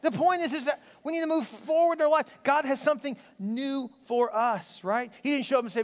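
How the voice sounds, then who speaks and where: A man's voice: very high voice, quick pace, hardly any pauses. A man preaching a sermon as a pastor, emphatic and exhorting, with playful asides. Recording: long reverb of a large hall.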